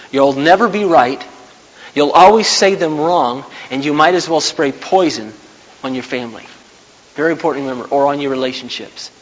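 A man in his thirties preaching a sermon as a pastor, earnest and emphatic, repeating his key points. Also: a little high. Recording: long hall reverb.

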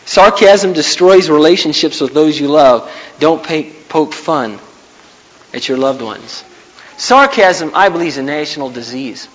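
A man's voice: on the high side, lively intonation, a little slow. A man in his thirties preaching a sermon as a pastor, earnest and emphatic, repeating his key points. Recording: long hall reverb.

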